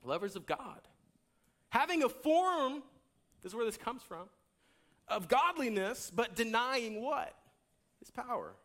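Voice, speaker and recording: A pastor, preaching a sermon with an emphatic, repetitive cadence that rises to near-shouts. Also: male voice, very high voice, sing-song, unhurried, long pauses.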